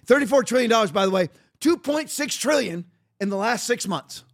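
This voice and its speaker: A man's voice: extremely high pitch, expressive, a little fast. A middle-aged man hosting a podcast, delivering emphatic, repetitive, sarcastic political commentary. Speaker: podcast host.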